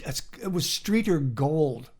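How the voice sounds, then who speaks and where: Man, interview host, a bit higher pitched, casual chatty, quick to agree. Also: lively intonation, darkish tone.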